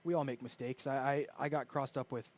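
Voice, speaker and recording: A man's voice: mid-range voice, steady tone, a little fast, darkish tone. A man giving chatty, analytical color commentary on a live baseball game.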